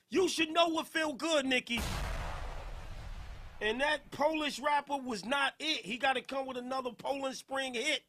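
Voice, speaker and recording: A man hosting a podcast in casual, playful, slangy chat, giving loud shout-outs to listeners. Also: extremely high pitch. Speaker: podcast host.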